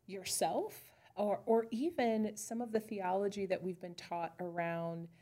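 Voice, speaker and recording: A woman pastor co-hosts a podcast in a casual faith chat, speaking in a mellow, mid-range voice at a measured pace. She works through ideas thoughtfully and searchingly, often restarting her sentences.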